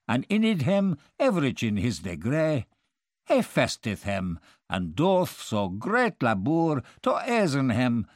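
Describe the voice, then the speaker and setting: A man reading medieval verse aloud in a measured, rhythmic recitation. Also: medium pitch, dry recording, clean studio sound. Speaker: reader.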